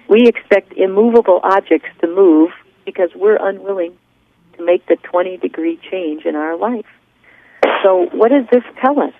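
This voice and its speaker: A class leader and coach runs a motivational class over a conference call, telling stories in an earnest, preachy way. Her fairly low-pitched voice comes through a phone on a tinny, dry line.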